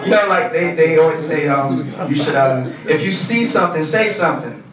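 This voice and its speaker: A man's voice: a little high, moderate pace. A young man doing a loose, profane stand-up set on a comedy club stage. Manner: loose, profane, animated storytelling. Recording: echoey club heard from a distance. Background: laughing crowd.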